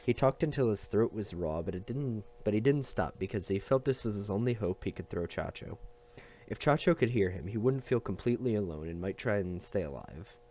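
A man reading a novel aloud at a steady pace, with small slips and restarts. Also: lowish voice, brisk, lo-fi sound. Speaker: audiobook reader.

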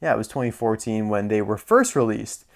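A man's voice: lowish voice, brisk, gravelly. A young man casually reviewing a collectible toy car, chatty and rambling, enthusiastic about small details.

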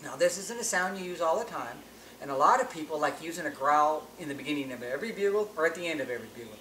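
A man's voice: fairly high pitch, lively intonation, quick pace, bright, forceful tone. A man teaching elk calling in a plain-spoken, instructional way, often restarting phrases as he explains. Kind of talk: hunting-call tutorial. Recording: echoey with faint ambient noise.

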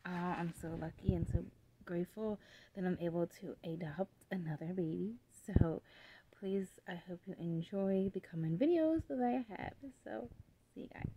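A woman vlogger chatting in a casual role-play vlog, excitable and full of fillers, sometimes talking low and hushed. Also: moderate pace, slight background noise, poor audio. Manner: talks low and hushed at times.

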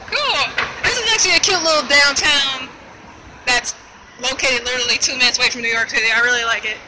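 Excitable high-voiced woman vlogger. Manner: excitable, upbeat, exclaims often. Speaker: travel vlogger. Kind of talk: casual vlog narration. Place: out on a town street at night. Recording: noisy street background.

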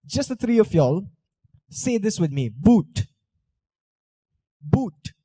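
On an auditorium stage, a young man gives a live talk with audience drills, playfully teasing, coaching and coaxing the crowd. His voice sits high and is very animated, slow, mellow and slightly rough, with no echo.

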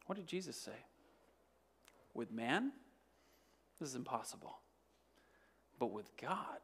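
Pastor, male, fairly high voice, animated sermon delivery, soft near-whispers to loud outbursts. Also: a little slow, pauses often. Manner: repeats words and restarts often.

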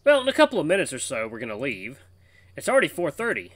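A man's voice: fairly high pitch, wildly swooping pitch, fast, no room sound. A man voicing a nervous young male lion hero in a visual novel game, answering in flustered bursts. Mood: casual.

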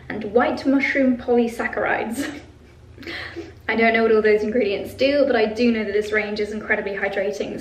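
A woman's voice: fairly high pitch, recorded from a distance. A young woman chatting enthusiastically through a sponsored beauty vlog in a hotel room, laughing often. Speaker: beauty vlogger. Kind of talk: casual sponsored makeup vlog. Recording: roomy, camera a little off.

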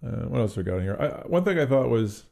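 Male podcast co-host, low gravelly register, relaxed and mellow, casual review chat full of restarts. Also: fast. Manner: thinks aloud with many restarts and hedges.

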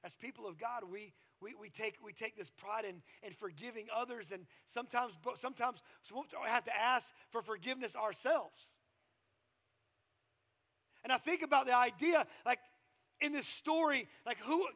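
High-voiced pastor preaching. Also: male voice, moderate pace. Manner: conversational storytelling preaching, drops to quiet asides. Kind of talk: sermon.

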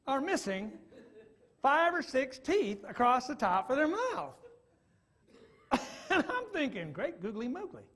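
A man from Michigan preaching in church, telling a story with quiet asides and loud bursts. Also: extremely high pitch, breathy edge. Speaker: evangelist preacher. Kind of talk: sermon storytelling.

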